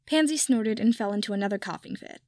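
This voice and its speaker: A woman narrating a piece of fan fiction aloud in a steady storytelling manner. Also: medium pitch, fast, no echo, clean studio sound. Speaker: reader.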